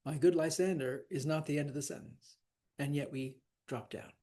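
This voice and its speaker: A man teaching a class on verse, animated and laughing often, repeating words to stress them. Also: on the high side, moderate pace. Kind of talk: classroom lecture.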